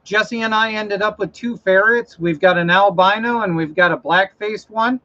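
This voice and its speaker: A man's voice: high-pitched, normal speed, bright, forceful tone. A man hosting a casual livestream, rambling about trucks and mowers and reading out viewer comments. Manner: rambling, reads viewer comments, self-correcting. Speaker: livestream host. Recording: dull lo-fi stream audio.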